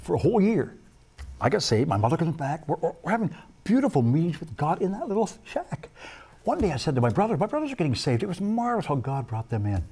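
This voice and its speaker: Guy telling his story fast, voice jumps all over, kinda husky and dark. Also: a little high. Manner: animated, acts out quoted voices, repeats words when excited. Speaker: guest sharing his testimony. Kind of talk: lively personal storytelling. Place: TV studio interview.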